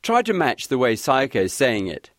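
Lively, encouraging male language teacher. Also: mid-range voice, moderate pace, no echo, studio quality. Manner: clear, guiding, encouraging. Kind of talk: scripted language lesson.

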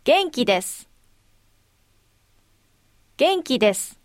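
A woman modeling phrases for a language lesson, saying each slowly and with careful articulation. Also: high voice, big pitch swings, dry recording, clean studio sound. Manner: deliberate, clearly articulated. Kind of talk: slow, careful demonstration phrases.

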